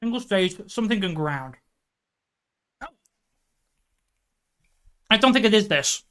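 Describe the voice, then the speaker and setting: A woman's voice: mid-range voice, animated, unhurried, a bit bright, clear, resonant tone. A woman streaming live, thinking aloud through a guessing game and breaking into exasperated outbursts. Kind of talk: live stream chat while gaming.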